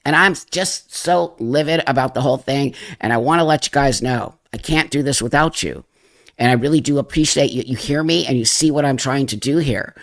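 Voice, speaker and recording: A man's voice: medium pitch, a little fast. Impassioned man addressing viewers. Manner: emphatic, repeats points, addresses viewers directly; emotional, voice softens and drops. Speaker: channel host. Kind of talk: impassioned commentary to camera.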